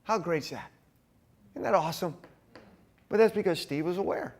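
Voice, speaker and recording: A man leading a men's church group, telling a lively story and acting out scenes. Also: sits high, moderate pace. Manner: storytelling, energetic, acts out scenes. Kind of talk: animated church talk.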